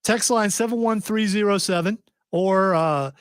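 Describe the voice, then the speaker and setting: A man's voice: sits high, normal speed, smooth, no echo. A man hosting a casual podcast, reading a news story aloud with wry, joking asides. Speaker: podcast host.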